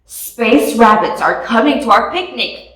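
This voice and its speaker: A woman putting on a cheerful high witch. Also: expressive, recorded from a distance, heavy background noise. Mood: exclaiming. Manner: exclaiming, drawn-out spell shouts. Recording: echoey room, voice off mic.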